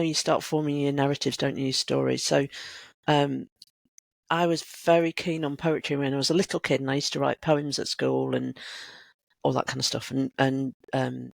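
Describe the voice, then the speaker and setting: A woman's voice: low voice, gravelly, no room sound. A woman in her sixties, a guest creative coach, talking reflectively and telling stories in a casual conversation. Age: 60s. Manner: reflective, animated storyteller.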